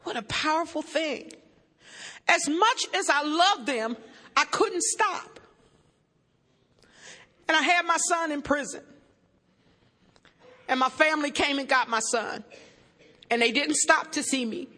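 A recovering alcoholic woman stands on stage giving her recovery testimony at a meeting, emotional and blunt, bantering with the audience into a stage mic. Her high, bright voice is forceful and lively, delivered slowly with long pauses. The hall is echoey with long reverb.

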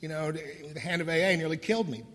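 A middle-aged man candidly telling his own recovery story, wry and laughing through the dark parts. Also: fairly high pitch, rapid-fire. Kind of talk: personal storytelling talk. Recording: voice in a hall with long reverb.

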